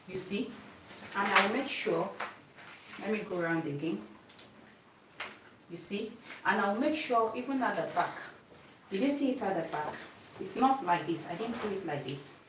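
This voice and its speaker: A woman's voice: medium pitch, background noise. Patient woman teaching sewing, roomy echo. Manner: patient, repeats steps, asks "did you see it?". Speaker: sewing instructor. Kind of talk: hands-on demonstration lesson. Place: sewing workroom with a mannequin. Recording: echoey room, voice from a distance.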